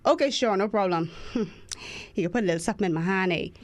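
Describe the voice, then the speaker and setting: A woman from the Bahamas co-hosting a radio talk show, chatting casually and telling stories in a lively, laughing way. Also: mid-range voice, fast talker. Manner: lively storytelling, animated and laughing. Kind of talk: casual chat.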